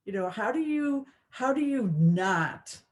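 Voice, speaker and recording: A woman's voice: on the high side, lively intonation, slow pace, darkish tone. A woman co-hosting a spirituality talk show, chatting casually, earnest and reflective, with many fillers and restarts. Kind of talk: casual chat.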